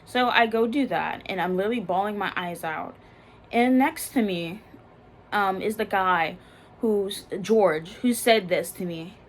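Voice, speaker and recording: A young woman telling a personal story in a casual, halting way, full of fillers and restarts, often subdued. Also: mid-range voice, a little hiss or hum. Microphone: phone.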